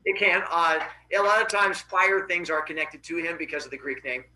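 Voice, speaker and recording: A man's voice: on the high side, moderate pace, sharp tone, low-quality recording. A male teacher in a classroom retelling a Greek myth in a casual, joking, slangy way and answering students.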